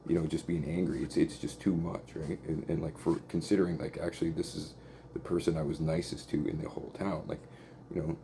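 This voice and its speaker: A man's voice: rumbling low, mellow, slight background noise. A man telling a long personal story in a rambling, profane, casual way, peppered with "like" and "right?".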